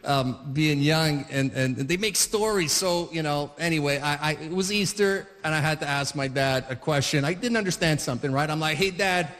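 A man's voice: on the high side, normal speed, hardly any pauses, a bit bright. A male comedian telling a stand-up story in a chatty way, tagging his lines with "right?". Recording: long hall reverb.

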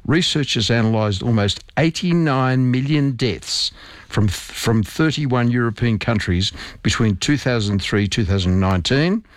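A man's voice: mid-range voice, animated, a little slow, no room sound. A middle-aged male doctor explaining medical research in an interview, emphatic and precise with technical terms.

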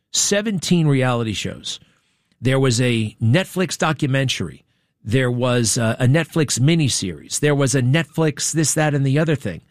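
A man's voice: fairly high pitch, no room sound. A man hosting a talk show, rambling through a wry, digressive monologue and turning now and then to his studio crew. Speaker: talk radio host. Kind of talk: rambling monologue, casual chat.

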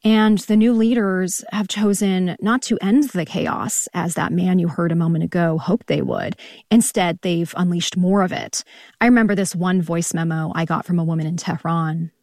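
A woman reporter speaking as a correspondent in a radio news interview, recounting events in a measured, calm way. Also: lowish voice, no echo, clean studio sound.

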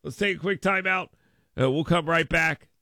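A man hosting talk radio from a studio, his voice bright and gravelly. He talks in an animated way, switching into higher mocking voices to quote people. The sound is dry and close to the mic. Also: normal speed, no room sound. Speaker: radio talk show host. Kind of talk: political talk radio monologue.

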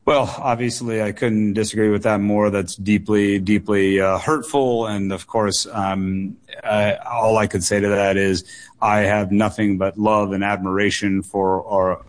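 Earnest low-voiced candidate, repeats for emphasis. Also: male voice. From United States. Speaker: political candidate, guest. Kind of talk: radio call-in interview.

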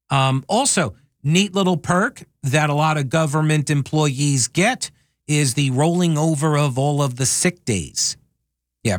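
A man's voice: on the high side, no room sound, clean studio sound. A man hosting a talk radio show, talking casually with wry, sarcastic asides. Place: radio studio.

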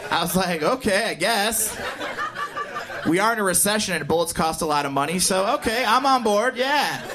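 A male stand-up comedian with a high voice works through a self-mocking set. He tells his stories loosely and casually. The live mic picks up clear background noise. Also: lively intonation, fast.

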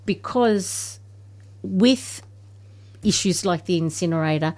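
Chatty Australian woman, lowish voice. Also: slow, darkish tone. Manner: chatty, rambling. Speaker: guest, local campaigner. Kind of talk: casual radio chat.

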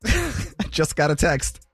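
A male radio host in a studio, chatting casually and acting out the lines of the people in his stories. He talks with a lively, bouncing delivery and laughs easily. Soft music plays faintly behind him. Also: a little high, slow pace, husky, no echo. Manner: animated storyteller, laughs often, acts out quotes.

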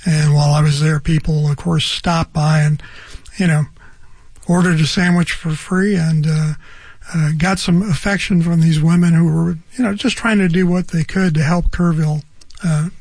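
An older man, a radio reporter, recalling his reporting in a halting, reflective way with many fillers. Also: on the high side, steady tone, darkish tone, slightly rough, no room sound. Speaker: arts and culture reporter. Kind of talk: casual studio interview.

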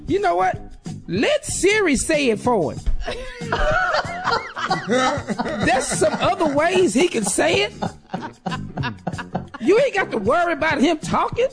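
A woman's voice: very high voice, big pitch swings, takes it slowly, long pauses, over music. A woman co-hosting a radio advice segment, teasing and sassy as she gives comic advice. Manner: sassy, teasing, acts out quotes. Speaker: radio show co-host. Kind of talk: comedic advice chat.

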